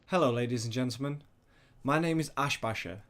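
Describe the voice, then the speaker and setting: A man's voice: mid-range voice, brisk, fairly bright tone. A man, chatting enthusiastically to viewers in a casual tech review vlog, recorded at home on a desktop USB microphone. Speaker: YouTuber reviewing gear. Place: home room at a computer.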